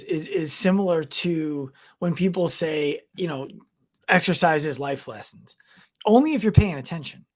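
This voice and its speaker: A man guesting on a podcast, speaking in a reflective way in casual chat. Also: high-pitched. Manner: reflective, affirming listener.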